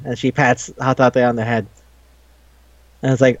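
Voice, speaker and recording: A man's voice: fairly high pitch, a little fast, no echo. Guy ranting about an anime episode, acts out the lines, kinda muffled dry audio. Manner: animated, profane, acts out lines with voices. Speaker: podcast co-host. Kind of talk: casual anime recap chat.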